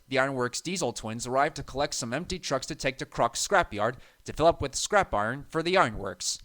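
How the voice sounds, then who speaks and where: A man narrating a children's train story in an even, measured reading. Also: medium pitch.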